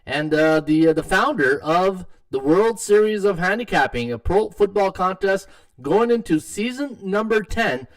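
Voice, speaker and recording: A middle-aged Canadian man hosts a live sports betting stream, chatting casually with plenty of fillers and restarts. His voice sits high, animated and unhurried. He's picked up from a distance by a desktop mic, giving a tinny, echoey home-stream sound.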